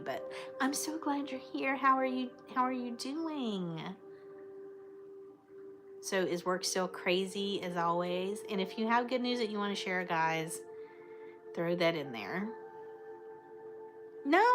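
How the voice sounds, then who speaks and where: A woman's voice: medium pitch, lively intonation, a little slow. A woman hosting a casual livestream, chatting affectionately with her viewers and using fond terms of endearment. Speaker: livestream host. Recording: clear music playing behind the voice. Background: background music.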